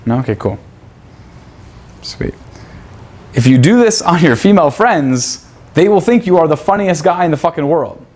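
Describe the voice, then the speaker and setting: Man, seminar instructor, slightly high voice, foul-mouthed, quizzes class, acts out lines. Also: expressive, normal speed, pauses often, a little mellow. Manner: profane, quizzes students, acts out pickup lines. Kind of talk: crude live teaching.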